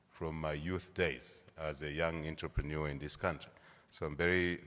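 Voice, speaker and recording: Deep-voiced Zambian man giving a speech. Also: a bit bright. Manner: emphatic, repeats key phrases for stress. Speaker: government leader. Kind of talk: formal public speech. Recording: long hall reverb.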